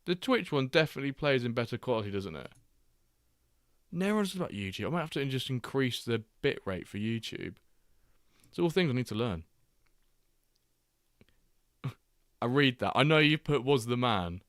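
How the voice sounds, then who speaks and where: A man's voice: mid-range voice, sing-song, moderate pace, long pauses, a bit bright, no room sound, studio quality. A man hosting a casual football watchalong livestream, chatting loosely, reading out viewer messages and making jokey asides. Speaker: livestream host.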